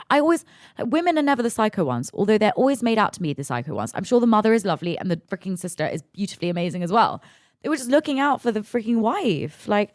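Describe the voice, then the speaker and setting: A woman, a podcast host telling a story in an animated, emphatic way and swearing freely. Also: mid-range voice, fast, dry recording, studio quality. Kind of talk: casual storytelling.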